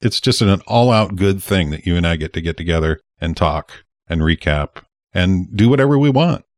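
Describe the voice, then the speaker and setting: A man's voice: low voice, animated, moderate pace, no room sound, studio quality. A man co-hosting a podcast in casual chat, easygoing and upbeat, often giving short agreeing replies. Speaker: podcast co-host.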